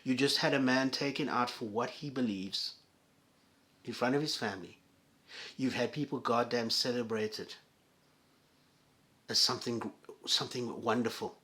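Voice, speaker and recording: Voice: mid-range voice, moderate pace, long pauses, fairly bright tone. A vlogger delivering an angry, profane solo rant to viewers, with heated stammering restarts.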